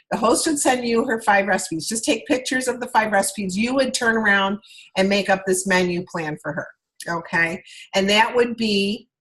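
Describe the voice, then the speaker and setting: A woman at an ordinary middle pitch leads a training session for her sales directors over a video call. She talks in a chatty, looping way and often stops to check in with "all right?" before moving on. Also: a bit bright, rough recording.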